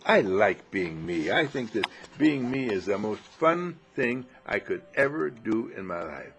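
Here the spiritual teacher is very animated yet keeps a measured pace, his husky, gravelly voice fairly low in pitch with a fairly bright tone. He addresses a small group, telling stories playfully and doing little character voices.

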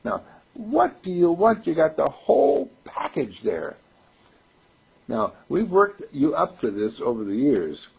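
Gravelly, husky man teaching spirit. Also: fairly low pitch. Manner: playful, chuckling, repeats affirmations. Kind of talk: informal sermon to a group. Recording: dull lo-fi recording.

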